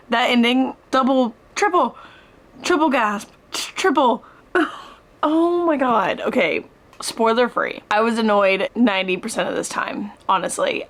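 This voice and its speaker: A young woman vlogging her reactions as she reads, expressive, swearing and laughing often, filming herself at home. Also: a little high. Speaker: book vlogger. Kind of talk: casual reading vlog. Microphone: camera close by.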